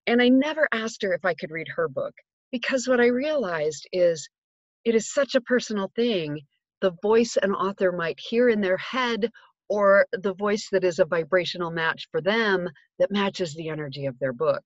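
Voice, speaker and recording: A middle-aged woman, an audiobook narrator and life coach, tells a casual personal story from her home recording booth. Her medium-pitched voice moves at a moderate pace with no room sound in dull audio, and she's upbeat and chatty with lots of fillers.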